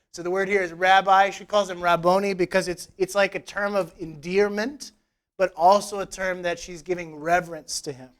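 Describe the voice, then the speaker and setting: A man's voice: high-pitched, a bit bright. A man preaching a conversational sermon in church, retelling scripture with casual, joking asides. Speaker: pastor. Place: church service.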